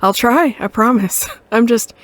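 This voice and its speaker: A woman putting on a bubbly, excitable young dog sidekick, his voice pitched a little above her own and delivered slowly. He is friendly and eager as he chatters in a video game. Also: no echo, lightly acted.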